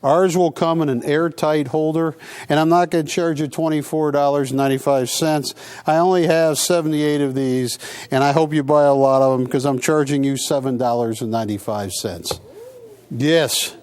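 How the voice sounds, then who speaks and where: A man hosting a live coin shopping broadcast, pitching coins with playful, joking salesman banter. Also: fairly even intonation, normal speed, a little mellow, clean tone. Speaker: coin sales show host.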